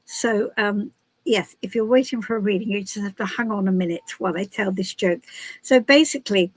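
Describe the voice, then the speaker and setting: Chatty British woman, breathy voice. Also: mid-range voice, fairly quick, dry recording. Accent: British English. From Britain. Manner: chatty, giggly, rambling storyteller. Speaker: tarot reader hosting a live stream. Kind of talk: casual live-stream chat.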